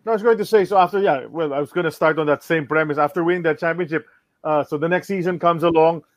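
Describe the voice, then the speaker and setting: A man's voice: fairly high pitch, fast. A man co-hosting an interview, asking questions in a conversational way with a few hesitations. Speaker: co-host. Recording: dull lo-fi sound.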